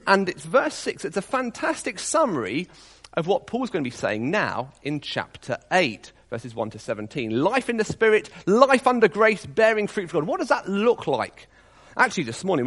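A man preaching a sermon to his congregation, reading scripture aloud and dropping to quiet, intimate appeals. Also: a little high.

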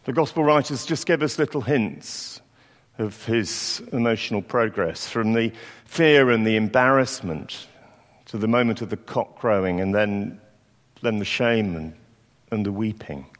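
A man's voice: fairly low pitch, measured pace. A man giving a sermon, telling a story in a reflective way and acting out quoted lines. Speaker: preacher. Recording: long hall reverb.

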